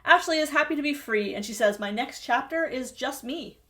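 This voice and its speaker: A woman with a fairly high voice talks through a reality TV recap. She is snarky and chatty, and laughs often as she comments. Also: normal speed, pushed and bright.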